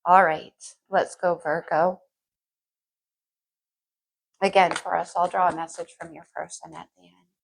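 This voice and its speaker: A woman's voice: on the low side, level tone, unhurried, gravelly, long pauses, slightly rough, rough recording. A woman reading tarot cards for her viewers in a chatty, think-aloud way. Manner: chatty, thinks aloud, sings lyrics softly. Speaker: tarot reader.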